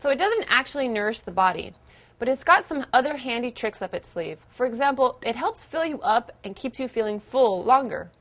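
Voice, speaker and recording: A woman's voice: fairly high pitch, sing-song, fairly quick. Perky woman presenting a lesson. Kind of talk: scripted educational presenting.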